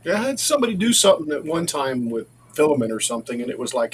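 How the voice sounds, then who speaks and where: Lively high-voiced man, hesitant. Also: fast, slight background noise. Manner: hesitant, repeats words. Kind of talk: casual podcast chat.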